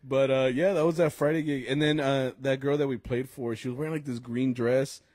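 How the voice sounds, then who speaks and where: A man's voice: medium pitch, steady tone, fairly quick, a little mellow, dry recording, studio quality. A young man co-hosting a podcast, telling gig stories in a loose, laughing way, full of fillers and dropping into Spanish slang. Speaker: podcast co-host and mariachi musician. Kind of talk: casual chat at a live podcast taping.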